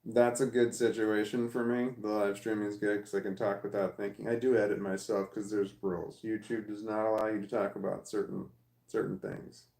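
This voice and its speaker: A man with a lowish, gravelly, slightly mellow voice chats casually on a live stream in a level tone and brisk pace. He reads comments aloud and answers them, rambling and thinking aloud, stammering and repeating words as he hunts for what to say. The sound is roomy.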